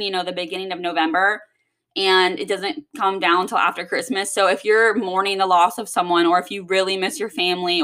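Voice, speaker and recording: A woman's voice: mid-range voice, sharp tone. A young woman from Texas, talking casually in a rambling, swear-heavy venting monologue.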